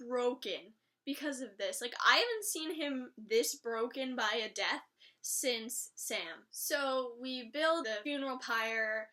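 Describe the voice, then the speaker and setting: A young woman with a high, bright voice talks through a TV episode in a casual recap. She gushes and gets emotional, retelling scenes and acting out the characters' lines as she goes. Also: lively intonation, takes it slowly. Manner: gushing, emotional retelling with acted-out quotes. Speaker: show recap vlogger.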